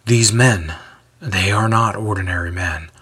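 Brief: big, awed jailer, read by a male narrator, low, husky, hushed and halting. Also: exaggerated voice. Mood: earnest.

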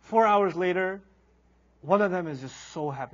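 A man giving a humorous Quran lecture as a teacher, animated and acting out characters as he tells stories. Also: high-pitched, moderate pace, muffled recording. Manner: animated storyteller, acts out quoted characters. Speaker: Islamic teacher.

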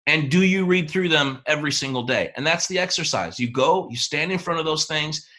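An energetic man leads an online training session, coaching his audience with a string of rhetorical questions. His voice has a bright, forward tone. He talks over a video call. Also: a little high, fairly quick. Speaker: host and team leader. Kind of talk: motivational training talk.

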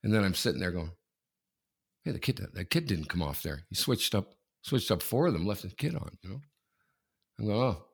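A man in his forties co-hosting a casual sports podcast, telling a rambling anecdote full of restarts that builds to loud excitement. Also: lowish voice, a little fast, gravelly, slightly rough. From Canada. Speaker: podcast co-host. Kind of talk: casual sports talk, storytelling.

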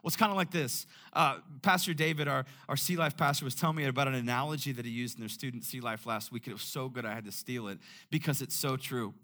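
A male pastor preaching a sermon, telling a personal story and acting out the dialogue with lively energy. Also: mid-range voice, fast, few pauses. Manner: animated storyteller, acts out dialogue.

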